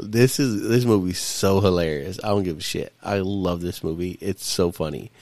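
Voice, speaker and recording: A man's voice: sits low, normal speed, few pauses, a little mellow, dry recording, clean studio sound. A man hosting a podcast, recapping a movie in casual, profane chat and laughing often. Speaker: podcast host. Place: studio.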